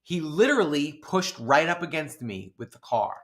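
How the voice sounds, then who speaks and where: Animated man telling a story. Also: a little high, normal speed. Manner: animated, acts out his own shouting and laughs through stories. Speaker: podcast co-host. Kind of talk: casual chat, storytelling.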